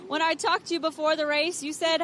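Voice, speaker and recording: A woman's voice: high voice, flat delivery, fairly quick, fairly bright tone, a little hiss or hum. A woman reporting from trackside, interviewing a racer in an upbeat, congratulatory way. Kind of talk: post-race interview. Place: outdoors at a racing venue.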